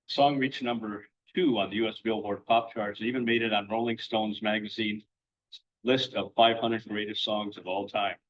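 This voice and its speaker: A man's voice: fairly low pitch, fairly even intonation, normal speed. A man co-hosting a sing-along, giving facts about the songs and teasing his partner a little. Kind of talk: introducing songs. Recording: distant, dull sound.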